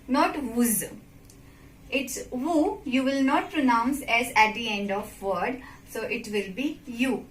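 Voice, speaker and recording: A woman teaching a simple French lesson, slow and patient, often checking with the listener. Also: high-pitched, fairly bright tone. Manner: slow and patient, repeats and checks with "okay?" and "right?". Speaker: French teacher, channel host. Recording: echoey room with faint background noise.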